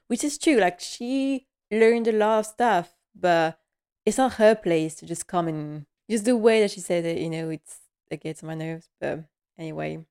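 A woman's voice: lowish voice, normal speed, darkish tone, clear, resonant tone. A woman giving a casual episode recap, chatty and laughing often, with many fillers along the way.

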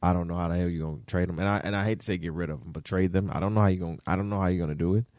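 A young man co-hosting a casual basketball talk show, animated and profane, swinging between loud outbursts and mutters. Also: low-pitched, rapid-fire, dry recording, studio quality. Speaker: podcast co-host.

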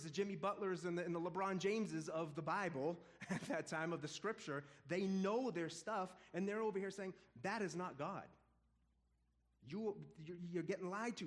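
A man teaching a casual Bible study in an animated, conversational way, often chuckling. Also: a little high.

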